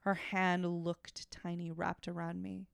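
Brief: woman co-host with a low, gravelly voice, dry close-mic sound, reads a story aloud with blunt wry asides. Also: completely flat delivery, takes it slowly, no echo. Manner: breaks off from reading to make frank, wry asides. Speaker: podcast co-host. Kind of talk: reading fiction aloud with commentary.

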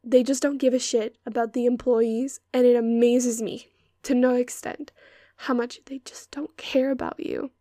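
A woman's voice: fairly high pitch, little pitch movement, normal speed, dark tone, no room sound, studio quality. A young woman hosting a podcast, ranting in an exasperated, sarcastic and sweary way. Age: young adult. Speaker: podcast host. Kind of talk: ranting monologue.

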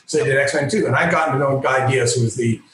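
A man, a comic book artist and guest, telling a lively, self-mocking story in a casual interview. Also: medium pitch, fast, heavy reverb, a little hiss or hum, poor audio. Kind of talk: animated anecdotal storytelling.

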